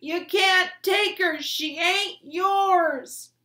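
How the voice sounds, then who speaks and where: A woman voicing a heartbroken, fiercely protective young boy in a storybook reading, pleading and shouting with raw emotion. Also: lowish voice, steady tone, slow, husky, heavily acted. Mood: furious shouting. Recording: roomy echo.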